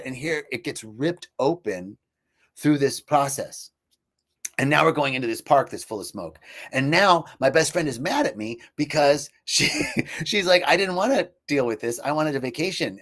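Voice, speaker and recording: A man's voice: mid-range voice, fairly bright tone. A man hosting a live stream, telling a personal story in an earnest, reflective way and often correcting himself as he goes.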